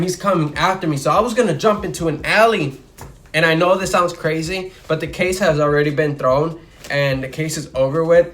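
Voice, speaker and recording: A young man from Chicago telling a story casually in a vlog, with many fillers. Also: fairly high pitch. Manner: casual, filler-heavy, animated retelling.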